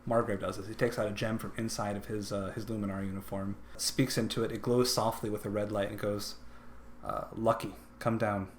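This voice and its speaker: A man's voice: fairly low pitch, level tone, brisk. A man narrating a tabletop game as dungeon master, descriptive and loose, with faint noise behind. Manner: descriptive, with filler and restarts.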